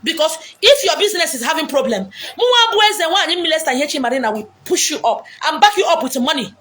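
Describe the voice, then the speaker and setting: Blunt high-voiced Nigerian woman. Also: very animated, quick pace. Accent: Nigerian, Igbo. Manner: blunt, forceful, mixing English, Pidgin and Igbo. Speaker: preacher giving relationship advice. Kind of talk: outdoor monologue. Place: beach outdoors.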